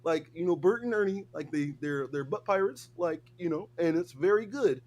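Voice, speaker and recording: A man's voice: on the high side, lively intonation, a little mellow, lo-fi sound, a little hiss or hum, natural voice. Man doing a goofy Kermit the Frog impression. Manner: halting, filler-heavy rambling. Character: goofy male frog puppet rambling crudely. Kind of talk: livestream impression.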